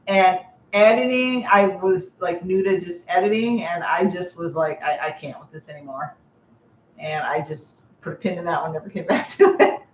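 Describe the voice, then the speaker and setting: A woman's voice: on the low side, moderate pace, slight background noise. Woman with a Midwestern accent and a bit of Texas drawl, rambling and playful, in a roomy, dull recording. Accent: Midwestern with a touch of Texan. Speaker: co-host of a live stream. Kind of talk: casual chat.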